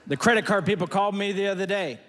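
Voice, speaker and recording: A man's voice: high voice, fast, a bit bright, big-room sound. A man performing a stand-up routine, firing off folksy one-liners on stage before a laughing audience. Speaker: stand-up comedian.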